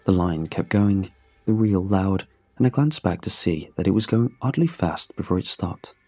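A man narrating a first-person story in a steady, measured way. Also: low voice, slightly rough.

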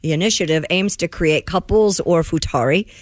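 A woman reading a short news story on a chatty show, brisk and plain. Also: on the low side, darkish tone, dry recording. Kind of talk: reading news, casual asides.

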